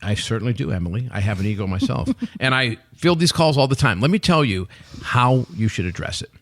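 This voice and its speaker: A man in his sixties, a company CEO and guest, telling stories in an animated way and acting out quotes. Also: medium pitch, brisk, dry recording, clean studio sound. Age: 60s. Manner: animated storyteller, acts out quotes. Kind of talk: podcast interview chat.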